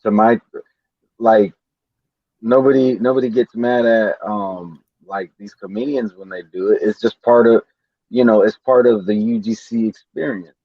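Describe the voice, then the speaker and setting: A man's voice: fairly low pitch, measured pace, no echo, muffled recording. A man co-hosting a boxing talk show, chatting casually and restarting his sentences while he thinks. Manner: relaxed, trails off and repeats himself while thinking. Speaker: podcast co-host. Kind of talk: casual chat.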